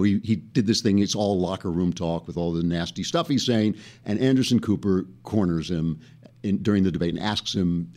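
A man's voice: low voice, a little mellow. A man hosting his own political comedy show, delivering a satirical monologue in a sardonic manner. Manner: sardonic, breaks into laughter.

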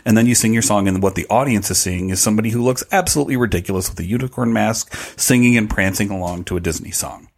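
A man co-hosting a podcast, giving measured advice in casual talk. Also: lowish voice, creaky. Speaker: podcast co-host.

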